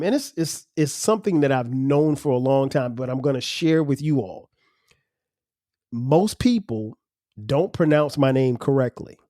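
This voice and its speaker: A man's voice: on the high side, dark tone, dry recording, studio quality. A man hosting his own podcast, talking casually and loosely, restarting his words as he goes. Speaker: podcast host. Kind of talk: casual solo podcast talk.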